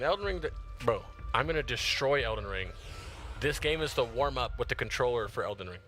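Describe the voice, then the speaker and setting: A man's voice: mid-range voice, animated, fairly quick, pushed and bright, faint music behind. A tired man giving slangy live gameplay commentary, yelping and squealing when startled. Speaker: gaming streamer.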